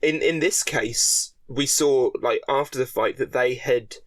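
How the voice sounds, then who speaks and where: A man co-hosting a podcast, explaining in a measured casual way. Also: medium pitch. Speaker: podcast co-host. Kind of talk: casual chat.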